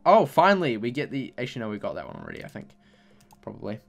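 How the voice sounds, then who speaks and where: Young dude griping about bad luck in a game, keeps repeating "i'm so mad", faint music playing behind. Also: male voice, on the low side, huge pitch swings, racing, vocal fry, a little mellow. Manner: exasperated, repeats himself, mock-angry complaints. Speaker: gaming YouTuber. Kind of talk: casual game commentary while opening packs.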